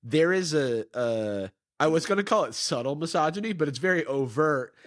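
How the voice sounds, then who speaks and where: A man's voice: fairly high pitch, animated, moderate pace, no room sound, studio quality. A man guesting on a podcast, chatting casually in a thoughtful, hesitant, wry way. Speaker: guest, YouTuber. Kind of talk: casual chat.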